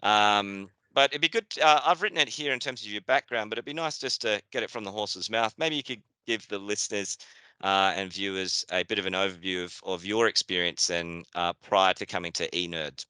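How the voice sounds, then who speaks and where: A man's voice: on the low side, a little fast, sharp tone, clean tone, no echo. A man with a New Zealand accent hosting a business webinar in a chatty, casual way, with fillers and restarts. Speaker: webinar host. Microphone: video call.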